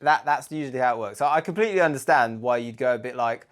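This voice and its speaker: A man co-hosting a casual podcast, animated and jokey, acting out quoted voices and laughing often. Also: mid-range voice, fast talker. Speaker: co-host, relationship coach.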